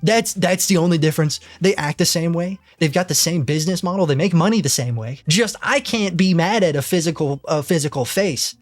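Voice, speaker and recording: A young man ranting casually to camera, exasperated and swearing freely, repeating himself as he gets worked up. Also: fairly high pitch. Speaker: YouTuber. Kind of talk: ranting commentary.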